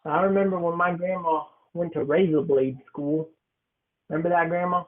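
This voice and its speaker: Young male podcast host, playful teaser, higher voice, phone-quality audio. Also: fairly even intonation, normal speed. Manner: teasing, joking storyteller. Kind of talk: casual podcast chat. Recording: tinny phone-like sound.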